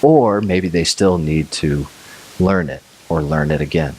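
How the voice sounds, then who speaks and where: A man's voice: rumbling low, a little slow, a little hiss or hum. A man preaching a conversational sermon, telling the story with energy and acting out scenes. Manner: animated storytelling, acts out scenes, chuckles. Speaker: pastor.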